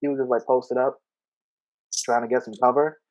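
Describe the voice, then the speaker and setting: A man co-hosting a podcast, telling a story in casual chat, animated and laughing as he acts out what people said. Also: mid-range voice, normal speed, lo-fi sound. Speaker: podcast co-host.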